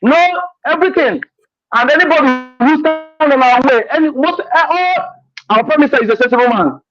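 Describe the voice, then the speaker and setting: A man's voice: extremely high pitch, brisk, a bit bright, muffled recording, faint music behind. A man with a Nigerian accent, a guest in casual chat who talks emphatically and repeats himself.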